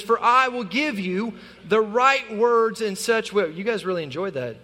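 A male pastor preaching an animated sermon in a church, acting out the lines he quotes. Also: high voice. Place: church sanctuary. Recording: long reverb of a large hall.

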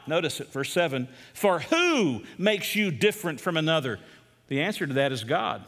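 A man's voice: fairly high pitch, big pitch swings, normal speed. Man preaching in an echoing hall. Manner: emphatic, rhetorical questions, swings from loud to hushed. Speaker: pastor. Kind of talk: sermon. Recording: long reverb of a large hall.

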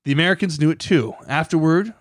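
A man's voice: a little high, lively intonation, quick pace, no echo, clean studio sound. A man hosting a podcast, reading scripted documentary narration with a dramatic, building emphasis. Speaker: podcast host.

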